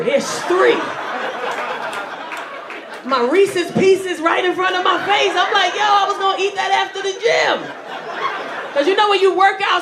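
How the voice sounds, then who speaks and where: A woman stand-up comedian delivers a story into a handheld mic in a comedy club. Her voice sits high, and she tells it animatedly, acting out the other voices. The room around her echoes. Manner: animated, acts out voices and shouts.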